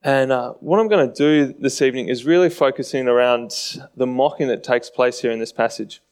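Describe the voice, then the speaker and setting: A man's voice: medium pitch, fairly quick, a little mellow, clear, resonant tone. A man preaching a sermon in a conversational way, often acting out mocking voices.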